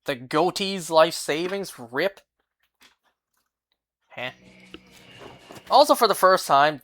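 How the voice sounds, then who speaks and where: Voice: medium pitch, fairly bright tone. A streamer chatting casually during a live game, rambling and reacting with disbelief to what chat says.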